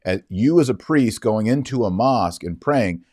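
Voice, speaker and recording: A middle-aged man hosting a podcast, telling a story in a lively way and acting out the quoted dialogue. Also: on the low side, moderate pace, no echo, studio quality. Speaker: podcast host. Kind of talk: casual commentary monologue.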